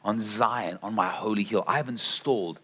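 A preacher voicing God as a stern, majestic male deity, declaring slowly and gravely. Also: fairly bright tone. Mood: solemn. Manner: low, slow, grave declaring.

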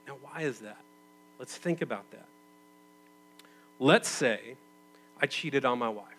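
A man in his thirties preaching a sermon as a pastor, conversational, moving from loud emphatic bursts to quiet, intimate stretches. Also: medium pitch, a little slow, slightly rough, low-quality recording.

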